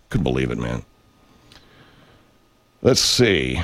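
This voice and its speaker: A man's voice: lowish voice, big pitch swings, normal speed. A middle-aged man hosting a livestream, reading chat and rambling casually with plenty of profanity.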